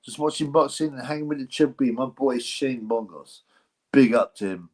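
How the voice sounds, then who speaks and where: A man's voice: mid-range voice, moderate pace, breathy edge. A man hosting a casual livestream, talking in a rambling, mocking and jokey way. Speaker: livestream host.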